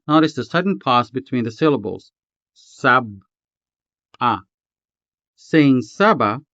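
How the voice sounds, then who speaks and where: Slow, clear-voiced male language tutor. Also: mid-range voice, no room sound. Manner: slow, deliberate, enunciating example words syllable by syllable. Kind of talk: scripted instructional narration. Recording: slightly dull, dry voice-over.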